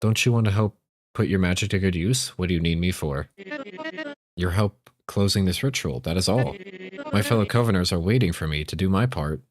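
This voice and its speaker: A man's voice: deep voice, brisk, no room sound. A man voicing a female witch teacher who pleads and then lays down terms, reading game dialogue aloud on stream. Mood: pleading.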